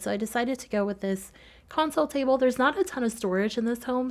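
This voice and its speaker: A woman from the Southern US with a slight nasal twang, speaking softly and quickly in a casual voice-over as she walks through her build, giggling often. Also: fairly high pitch. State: recovering from a cold. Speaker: Sims builder narrating a speedbuild.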